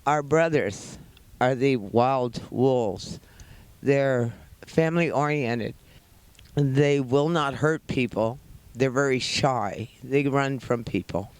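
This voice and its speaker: A woman's voice: very deep voice, takes it slowly, darkish tone, dry recording. A woman from New Mexico, founder of a wolf sanctuary, giving an earnest, emotional guided tour outdoors. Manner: emotional, earnest, talks fondly to the wolves. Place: outdoors at animal enclosures.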